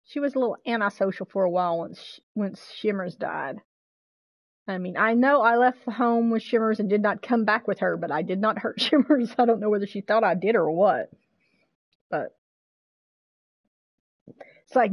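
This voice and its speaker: A woman streaming a game live, chatting casually with viewers, excitable and swearing freely. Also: medium pitch, normal speed, pauses often, dry recording, dull audio.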